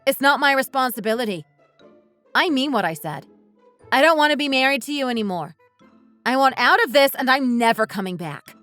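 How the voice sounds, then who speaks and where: A woman's voice: sits high, expressive, fairly quick, fairly bright tone, soft background music. A woman voicing a resentful wife fed up with her husband, speaking in a bitter, accusing way. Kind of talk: scripted dialogue drama.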